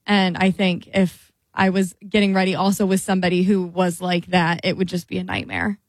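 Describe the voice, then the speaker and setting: A woman's voice: on the low side, level tone, normal speed, no echo. A woman co-hosting a radio show in a studio, chatting casually and laughing at her own habits. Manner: chatty, self-mocking, slips into playful voices. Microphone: studio mic.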